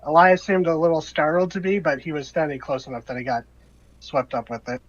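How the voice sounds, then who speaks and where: A man runs a tabletop game as its game master. He describes the scene in a relaxed way with frequent fillers. His voice sits slightly high, and the recording is dull and lo-fi. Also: brisk. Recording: dull lo-fi audio.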